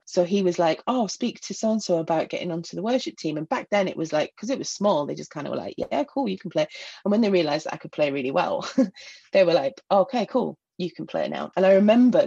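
Reminiscing as an interview guest, this middle-aged Northeast England woman scatters fillers and soft laughs through her memories. Her voice is low and creaky, dark with a breathy edge, and the audio lacks its highs.

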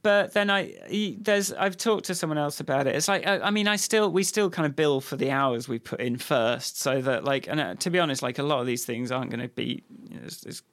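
A man's voice: fairly high pitch, a little fast, hardly any pauses, fairly bright tone. A man co-hosting a podcast, talking casually and rambling, with many restarts and fillers. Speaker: podcast co-host. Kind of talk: casual chat.

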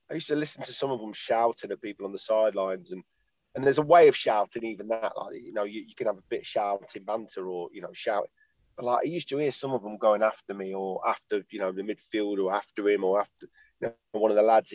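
A man's voice: fairly low pitch, a little mellow, no echo. A man, a former footballer chatting as a podcast guest, rambling, laughing and swearing as he talks from his parked car over a call. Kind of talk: casual chat over a call. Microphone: video call. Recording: dull lo-fi call audio.

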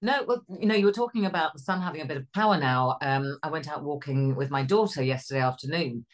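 An easygoing middle-aged woman from Cheshire, co-hosts a relaxed weather podcast. Her voice sits slightly low for a woman, and she talks conversationally with a dry, light humour. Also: quick pace. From Cheshire, England. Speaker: podcast co-host, weather presenter. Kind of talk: casual chat.

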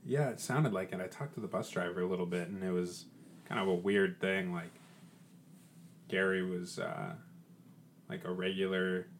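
A man playing his character in an improvised role-play game, expressive and swearing a lot. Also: deep voice, normal speed, pauses often, slight background noise. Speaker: player.

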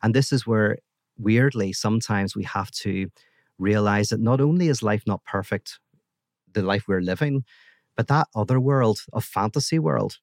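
A man speaking as a guest philosopher in a podcast conversation, telling stories and ideas in an animated way with frequent restarts. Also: on the low side, moderate pace, no echo, studio quality.

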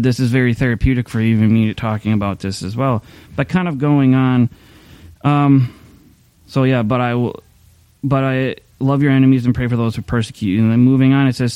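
A man's voice: mid-range voice, dark tone, clean tone, no room sound. A middle-aged man pastor giving a casual, candid sermon talk, rambling with restarts and fillers.

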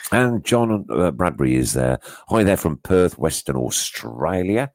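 A man co-hosting a casual football podcast, reading out listener messages and answers in a relaxed, wry way. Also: deep voice, moderate pace, no room sound, clean studio sound. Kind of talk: casual chat.

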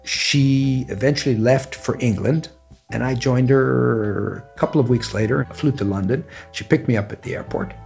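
Canadian man telling stories, soft guitar behind. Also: medium pitch, vocal fry. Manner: measured, anecdotal, with laughs. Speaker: interviewee. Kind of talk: reflective storytelling interview. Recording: faint guitar music underneath.

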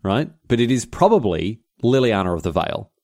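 An Australian man co-hosting a podcast in casual chat, animated and quick to exclaim. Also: on the low side. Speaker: podcast co-host.

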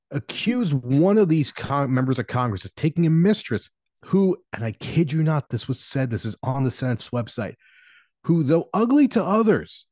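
A man co-hosts a podcast and tells a story in casual chat, rambling and stopping for fillers. His middle-pitched voice swings widely up and down. The sound is dry and close to the mic. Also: a little mellow, no room sound. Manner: rambling, many "you know" fillers. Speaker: podcast co-host.

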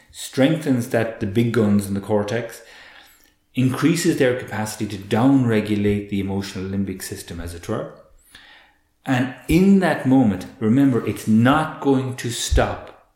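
Deep-toned man, guest expert, animated and earnest, roomy echo. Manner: earnest, animated, repeats words as he restarts. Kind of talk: conversational explaining.

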